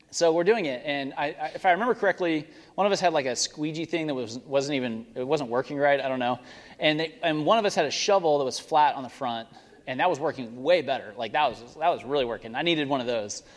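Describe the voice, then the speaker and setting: Male pastor, young adult, casual rambling sermon, restarts and self-corrections, church hall echo, mid-pitched voice. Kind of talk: sermon with storytelling and prayer. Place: church sanctuary. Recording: long reverb of a church hall.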